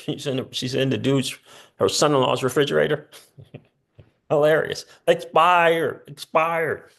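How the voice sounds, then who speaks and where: A man hosting a casual commentary channel, reading news posts aloud and breaking in with quick offhand asides. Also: fairly high pitch. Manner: chatty, reads quotes aloud with asides. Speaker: crypto channel host.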